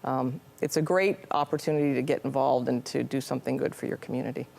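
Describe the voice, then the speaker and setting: A woman's voice: extremely low pitch, fairly even intonation, quick pace, gravelly, a little mellow. A middle-aged woman, a nonprofit leader, answering interview questions earnestly with frequent restarts. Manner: earnest, many restarts and fillers. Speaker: nonprofit CEO, guest.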